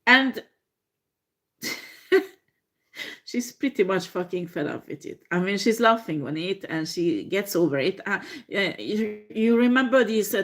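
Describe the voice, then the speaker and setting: A woman tarot reader talking slowly and unhurriedly, with a voice at an ordinary middle pitch. She swears often, breaks into laughter and fills her pauses with ums and uhs. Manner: profane, laughing, animated storytelling with frequent fillers. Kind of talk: tarot reading monologue.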